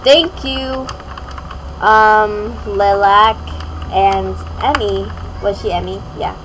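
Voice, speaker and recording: A woman giving casual, giggly commentary while playing a video game, talking to herself and reacting excitedly. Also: medium pitch, very slow, a little hiss or hum, poor audio. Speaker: gaming video creator.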